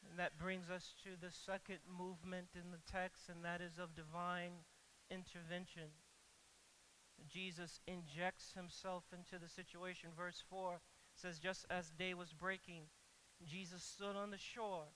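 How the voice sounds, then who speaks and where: Preacher, sermon delivery; bright, keen tone; builds to loud rhetorical questions, stammers on repeats. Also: medium pitch, level tone, a little slow, slight background noise, poor audio. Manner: rises to loud, emphatic rhetorical questions, then drops quiet; stammers and repeats words when stressing a point.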